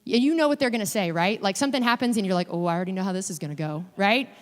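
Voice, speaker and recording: A woman giving a guest sermon in a chatty, animated way, acting out quoted voices as she talks. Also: mid-range voice, rapid-fire. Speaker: guest preacher. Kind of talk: conversational sermon. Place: church sanctuary. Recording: long hall reverb in a church.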